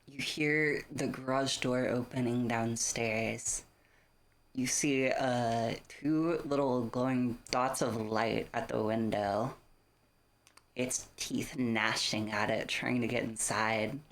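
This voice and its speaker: Slow-talking streamer narrating a horror game. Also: mid-range voice, fairly even intonation. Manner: casual, swears freely, stops to thank viewers.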